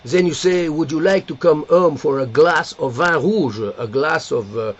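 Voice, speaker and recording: A man's voice: on the high side, moderate pace, lo-fi sound, lightly acted. A man playing an amorous, theatrical Frenchman in a put-on French accent with broken English. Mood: boastful.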